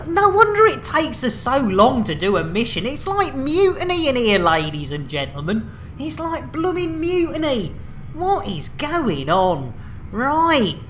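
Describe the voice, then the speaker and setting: A woman's voice: a little high, huge pitch swings, a little slow, fairly bright tone, a little hiss or hum. Exclamatory woman streaming a game. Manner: exclamatory, playful, chatty. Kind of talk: live gaming commentary.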